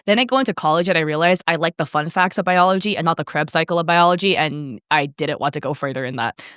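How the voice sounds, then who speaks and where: A woman in her twenties, a content creator guest in a casual interview, telling lively stories and acting out her parents' voices. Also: deep voice, quick pace, no room sound, studio quality. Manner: animated storytelling, acts out parents' voices, laughs often.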